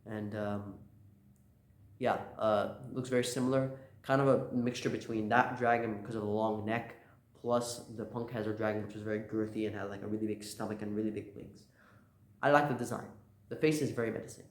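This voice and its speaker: A man's voice: fairly low pitch, steady tone, fairly quick. Rambling casual male recapper. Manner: loose, rambling, lots of fillers and laughs. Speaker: channel host. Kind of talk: casual manga chapter recap. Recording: roomy echo.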